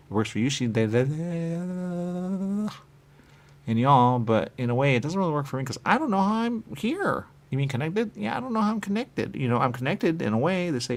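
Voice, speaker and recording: Gravelly guy rambling on a radio show, voice bounces all over, keeps repeating himself. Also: on the high side, very animated, normal speed. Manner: repetitive, playful, muttering asides, wide swings in loudness. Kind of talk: rambling stream-of-consciousness monologue.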